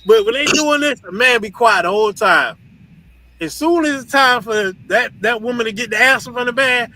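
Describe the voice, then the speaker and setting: A man's voice: sits high, sharp tone, poor audio. A man leading a group discussion as its teacher, lecturing bluntly with profanity and often asking "you understand?". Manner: blunt, profane and scolding, laughs between points. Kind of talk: preachy lecture to an online audience.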